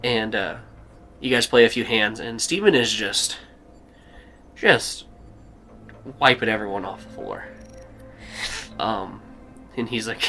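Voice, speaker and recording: A man narrating a tabletop game as game master, rambling and halting as he goes. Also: lowish voice, pushed and bright, soft background music. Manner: rambling, halting, with fillers and laughs.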